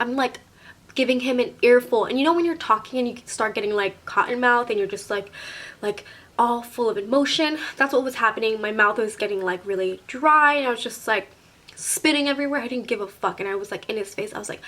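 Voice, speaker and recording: A young woman tells a story straight to her viewers in a casual storytime, her voice sitting a little high. She talks in an animated way and swears freely. She acts out what everyone said along the way. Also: normal speed. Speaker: vlogger.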